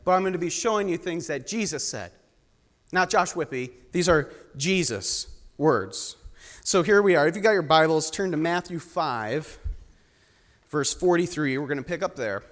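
A young man with a high voice delivers a sermon in a storytelling way, joking with the congregation. His voice rings out with the long reverb of a large church hall. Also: animated, moderate pace, fairly bright tone. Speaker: guest preacher. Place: church sanctuary.

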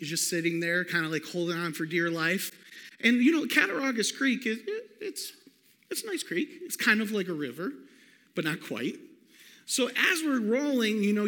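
High, bright-voiced man preaching. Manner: animated storyteller, calls out to the congregation. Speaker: pastor. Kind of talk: sermon with personal story. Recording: long hall reverb.

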